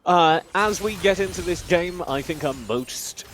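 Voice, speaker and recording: A young man doing live play-by-play commentary on an esports match, upbeat and joking, his voice a little hoarse. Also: sits high, a little slow, a bit bright, soft background music. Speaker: esports caster.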